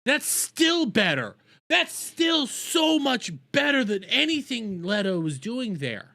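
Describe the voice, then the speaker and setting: A man's voice: extremely high pitch, very animated, takes it slowly, vocal fry, bright, forceful tone. A young adult man giving profane, rambling reaction commentary as a video host.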